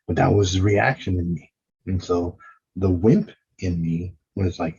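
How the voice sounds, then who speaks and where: Low husky guy on a podcast, earnest self-help talk, kinda dull lo-fi sound. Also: moderate pace. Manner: earnest, animated, mimics his own inner voice. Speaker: podcast host and coach. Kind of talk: casual self-help monologue.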